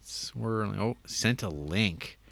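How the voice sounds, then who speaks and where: A man's voice: on the low side, normal speed, fairly bright tone, no room sound. A man in casual chat, talking in a dry, wry, hesitant way.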